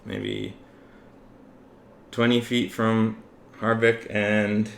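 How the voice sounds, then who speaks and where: A man running a tabletop game as game master, narrating the scene in a relaxed way with many fillers. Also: fairly low pitch, extremely slow, creaky. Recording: echoey room with faint ambient noise.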